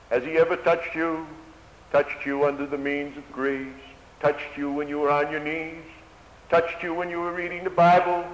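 Male preacher, old-style sermon cadence that surges and hushes, reverberant hall. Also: mid-range voice. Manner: swells loud then drops to a hush, old-fashioned preaching cadence. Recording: echoey hall with faint hiss.

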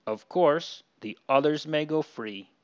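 A decisive male steward handing down terms, as a man reading a story puts him on. He speaks slowly in a smooth voice, and the recording is dull and lo-fi. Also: on the high side, voice pushed up. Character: confident male Egyptian steward.

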